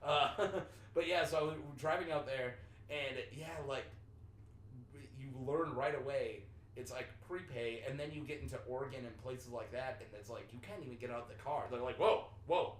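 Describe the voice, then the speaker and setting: A young man from North Dakota hosting a podcast, telling animated stories in casual chat, swearing freely and acting out what people said. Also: mid-range voice, normal speed, slight background noise. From North Dakota, USA. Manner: animated storyteller, swears freely, acts out quotes. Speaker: podcast host. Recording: echoey room with faint ambience.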